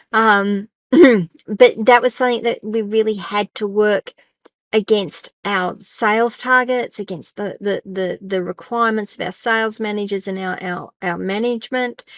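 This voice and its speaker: A woman's voice: medium pitch, no room sound. A middle-aged woman hosting a casual solo business podcast, chatty and rambling, with a self-deprecating touch. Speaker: podcast host.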